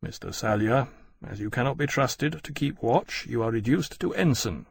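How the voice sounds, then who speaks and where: A man's voice: medium pitch, animated, normal speed, creaky, breathy edge. A man reading an audiobook, voicing a stern naval captain who gives clipped, severe orders. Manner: clipped, commanding, quietly severe. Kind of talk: audiobook character voice.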